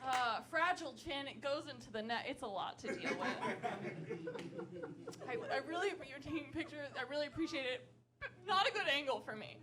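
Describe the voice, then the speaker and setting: High-voiced woman doing stand-up. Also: fairly quick, very noisy. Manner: self-deprecating, animated, laughing between lines. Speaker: stand-up comedian. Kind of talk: stand-up set. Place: comedy club stage with audience. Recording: club recording with crowd laughter. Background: audience laughter.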